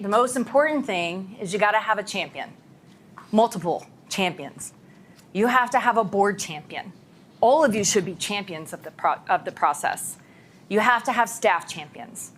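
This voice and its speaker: A woman's voice: mid-range voice, a bit bright, a little hiss or hum. A woman leads a workshop for a county board in a meeting room. She talks in a loose, conversational way and now and then drops into mock voices of grumbling staff. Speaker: presenter from a school of government.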